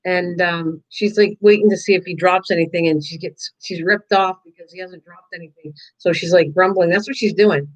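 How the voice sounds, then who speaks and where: A woman's voice: fairly low pitch, steady tone, normal speed, hardly any pauses, rough recording. Rambling, chatty older woman. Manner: rambling and chatty, talks to viewers and her dog. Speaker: host of a live crafting stream. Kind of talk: casual live-stream chat while painting.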